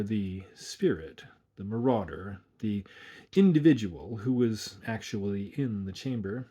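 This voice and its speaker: A man narrating a dark old storybook aloud, measured and hushed. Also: medium pitch, slightly rough.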